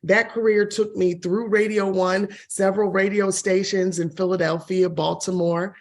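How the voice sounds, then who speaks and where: A woman in her forties with a gravelly, fry-tinged voice answers interview questions about her career. She is expressive and laughs easily, and her pitch rises and falls as she tells the story. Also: moderate pace. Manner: expressive, laughs often, shifts pitch when quoting others. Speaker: guest, real estate broker and TV host.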